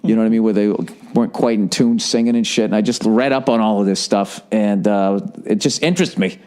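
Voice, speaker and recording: Profane animated man with Boston accent. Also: fairly low pitch, fairly quick, smooth. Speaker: podcast host. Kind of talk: casual podcast chat.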